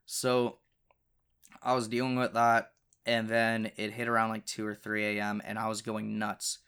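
A man's voice: mid-range voice, a bit bright. A young man hosting his own podcast, telling a personal story in a casual, profane, exasperated way, with frequent laughs between lines. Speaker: podcast host.

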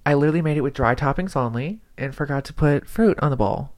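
A man's voice: on the high side, fast talker, no room sound. A young man hosting a podcast, chatting casually on his own in a rambling, self-deprecating way. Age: young adult. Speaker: podcast host. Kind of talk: casual solo podcast chat.

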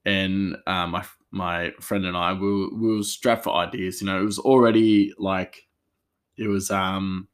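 A man's voice: low voice, steady tone, measured pace, clear, resonant tone. A man, a chef, telling work stories in a rambling casual way with many fillers and restarts. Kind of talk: casual storytelling.

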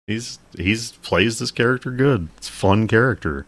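Brief: very low-pitched male podcast co-host, loose rambling delivery, laughs often. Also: normal speed. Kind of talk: casual chat.

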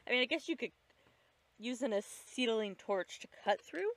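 A woman's voice: fairly high pitch, expressive, normal speed. A woman co-hosting a podcast, chatting casually while they watch a movie, sardonic and swearing freely. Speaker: podcast co-host.

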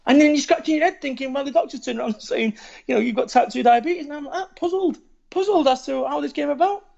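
A man's voice: extremely high pitch, fast talker, gravelly, muffled recording. A man, chatting bluntly and swearing freely as he tells stories about himself. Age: 40s. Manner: blunt, sweary, animated storytelling. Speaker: podcast guest. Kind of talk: casual chat.

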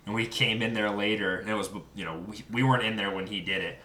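A man's voice: on the low side, fairly even intonation, fast talker, bright, forceful tone. A young man in casual chat, telling rambling, profane stories with lots of restarts. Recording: echoey room, mic at a distance.

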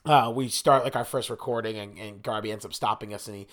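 A man's voice: fairly low pitch, fairly even intonation, fast talker, fairly bright tone. A young man from New Jersey co-hosting a podcast, chatting casually and rambling with lots of fillers and restarts. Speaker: podcast co-host. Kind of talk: casual chat.

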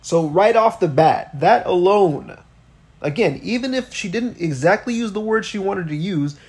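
A man's voice: a little high, a little mellow. Profane ranting man on a podcast. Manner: riled-up, profane ranting with rhetorical questions. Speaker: podcast co-host. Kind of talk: casual political podcast chat.

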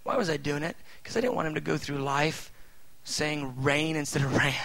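A middle-aged man preaching a sermon in a conversational way, full of fillers, swinging between loud emphatic bursts and soft asides. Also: on the high side, flat delivery, moderate pace, low-quality recording. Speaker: pastor.

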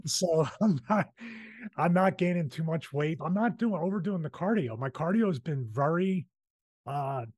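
A man's voice: fairly high pitch, lively intonation, moderate pace, darkish tone, no room sound, muffled recording. Man, Philadelphia accent, podcast host, chatty, rambling, dry close sound. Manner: chatty, rambling, restarts his sentences. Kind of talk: casual podcast chat.

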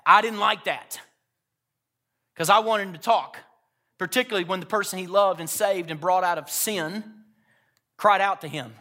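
A man preaching a sermon to a church congregation, moving from hushed personal storytelling to loud emphatic exhortation. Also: high-pitched, normal speed, pauses often. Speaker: pastor.

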